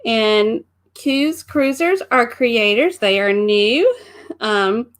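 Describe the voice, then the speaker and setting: A woman's voice: a little high, expressive, very slow. A middle-aged woman co-hosting a casual live stream, greeting viewers by name and laughing often. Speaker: co-host of a live travel stream.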